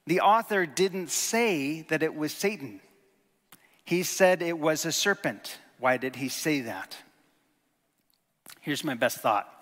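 A man preaching a sermon in a conversational, animated way, with jokes and sudden emphatic stresses. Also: on the high side, big-room sound.

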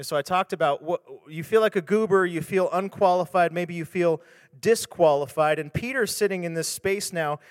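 A man's voice: a little high, no echo, clean studio sound, in a large hall. A man, a pastor, speaking candidly and conversationally about scripture, retelling stories with restarts and casual asides. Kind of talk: casual devotional talk on scripture.

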